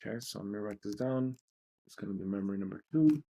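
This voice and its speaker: A man's voice: on the low side, fast, mellow. A man hosting a livestreamed self-help session, talking in a blunt, profane, emotionally raw way. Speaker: host of a tapping session.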